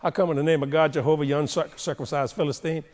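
A man's voice: fairly high pitch, fast, natural voice. A preacher voicing a cocky teenage shepherd boy. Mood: brash, cocky. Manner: swaggering, excited. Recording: long reverb of a large hall.

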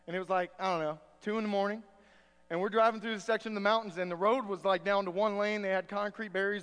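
A man's voice: sits high, fairly bright tone, smooth, long reverb tail. A man preaching a sermon as pastor, a folksy storyteller who jokes with his church.

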